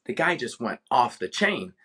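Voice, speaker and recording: A man's voice: mid-range voice, very animated, normal speed, fairly bright tone, breathy edge. A man from Cleveland, a retired veteran, telling a personal story as a podcast guest with passion and animation. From Cleveland, Ohio, USA. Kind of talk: casual interview storytelling.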